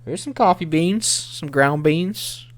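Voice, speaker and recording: A man's voice: a little high, slow pace. A man narrating as game master of an online tabletop game, with dry, teasing banter. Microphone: streaming microphone.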